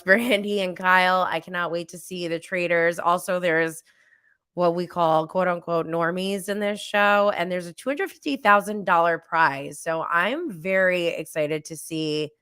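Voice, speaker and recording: A woman's voice: fairly low pitch, fairly bright tone, clear, resonant tone, no echo, clean studio sound. A woman in her thirties hosting a podcast, chatting casually and rambling with fillers and self-aware asides. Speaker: podcast host. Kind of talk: casual solo recap chat.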